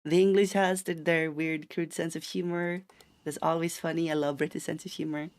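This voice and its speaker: A man's voice: fairly high pitch, level tone, normal speed, smooth. A man from Sweden chatting casually on a live stream while he plays, rambling through tangents and restarting his sentences.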